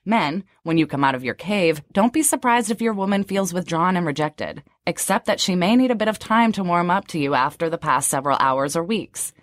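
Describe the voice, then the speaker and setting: A woman's voice: fairly low pitch, lively intonation, fairly quick, few pauses, no room sound, clean studio sound. A woman in her thirties co-hosting, moving between read-out summaries and loose chat full of "like" fillers. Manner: chatty, frequent "like" fillers when unscripted. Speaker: co-host. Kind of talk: scripted summary and casual chat.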